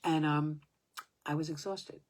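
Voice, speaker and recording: A woman in her seventies telling a personal story in a halting way, restarting sentences and sometimes dropping to a whisper. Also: low-pitched, steady tone, darkish tone. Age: 70s.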